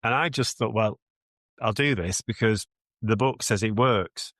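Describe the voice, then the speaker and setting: A man's voice: fairly low pitch, unhurried, a bit bright, no room sound. A man with a British accent, a mindset coach answering interview questions in an earnest, reflective way, often restarting his sentences.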